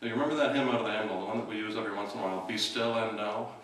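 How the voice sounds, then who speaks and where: A middle-aged man, the outreach worker of a church, introduces the evening's speaker in a relaxed, halting talk full of fillers and restarts. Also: fairly low pitch. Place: church hall. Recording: distant mic in an echoey hall.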